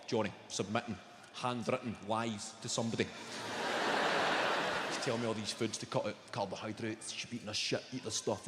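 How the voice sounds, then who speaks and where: A man's voice: mid-range voice, very noisy. A Scottish man doing a sweary stand-up comedy set, telling stories brashly. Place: large venue stage. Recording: echoey hall with loud audience ambience. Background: audience laughter.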